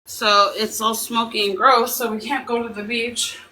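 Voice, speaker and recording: A woman in her thirties chatting on a live stream from her workplace, laid-back and unhurried. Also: fairly high pitch, fairly even intonation, bright, forceful tone. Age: 30s. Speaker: livestream guest. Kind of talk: casual chat on a live stream. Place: at her workplace, in an empty room. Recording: echoey room, distant from the mic, faint noise.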